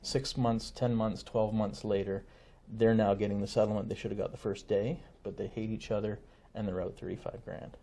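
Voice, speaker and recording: Middle-aged male lawyer guest, low husky voice, measured and explanatory. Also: level tone, mellow. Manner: measured, explains with examples and asides. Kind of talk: conversational interview.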